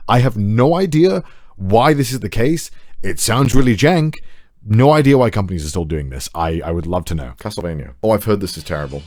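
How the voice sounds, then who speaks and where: A man's voice: fairly low pitch, lively intonation, a little fast, darkish tone. A man giving casual, analytical commentary on voice acting clips.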